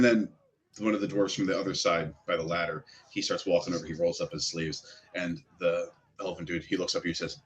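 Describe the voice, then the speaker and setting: A man's voice: low-pitched, level tone, fairly quick. A man narrating as game master in a loose, rambling way with many fillers.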